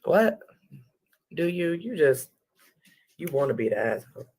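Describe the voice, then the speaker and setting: A woman's voice: low-pitched, very animated, unhurried, a little mellow. A woman hosting a casual livestream, chatting and swearing freely with her viewers. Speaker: livestream host.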